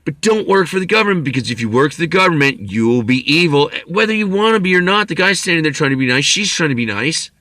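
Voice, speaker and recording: A middle-aged man rants about his own troubles in a sharp, bright voice. He swears freely and stumbles into restarts as the anger builds. The sound is dry and close, with no room around it. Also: a little high, animated, fast, hardly any pauses, dry recording. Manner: intense, bitter, swears freely, stammers on restarts. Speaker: vlogger. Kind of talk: ranting personal monologue.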